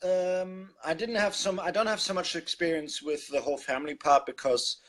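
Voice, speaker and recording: A man's voice: on the high side, steady tone, moderate pace, a bit bright. A man from Germany with a mixed English, German and Irish-sounding accent, chatting casually on a live stream, hesitant with many fillers. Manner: hesitant, many fillers and restarts, laughs often.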